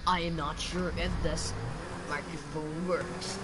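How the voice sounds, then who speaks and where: Woman narrating her game super slowly, kinda fake-formal host voice. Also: sits low, fairly even intonation, very noisy. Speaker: gameplay streamer host. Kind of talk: casual game commentary.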